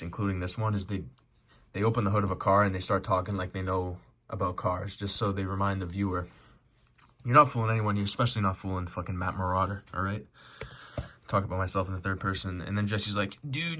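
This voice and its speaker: A man with a low-pitched, fairly bright voice hosts a movie reaction. His commentary rambles casually, full of swearing and joking asides.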